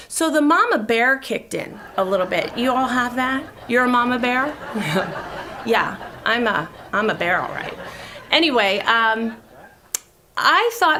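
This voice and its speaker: A woman's voice: fairly high pitch, expressive, slow pace, pushed and bright, slight background noise. Chatty woman host telling stories. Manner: chatty, confessional storytelling. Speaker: talk show host. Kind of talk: comedic monologue to a studio audience.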